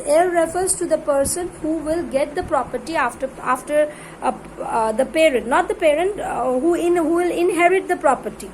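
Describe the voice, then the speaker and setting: In a reverberant, noisy room, a high-voiced woman leads a class through English grammar. She calls out word lists loudly and slowly, spelling each word out one letter at a time.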